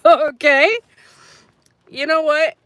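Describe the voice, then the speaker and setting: A woman's voice: high voice, fairly even intonation, takes it slowly, fairly bright tone, dry recording. Chatty woman hosting a gardening stream. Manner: chatty and rambling, laughs often. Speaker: gardening channel host. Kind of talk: casual live-stream chat answering comments.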